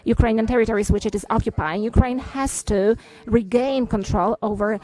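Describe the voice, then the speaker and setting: A woman's voice: a little high, a little mellow, poor audio. Woman interpreting a press statement. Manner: halting, with frequent fillers and restarts.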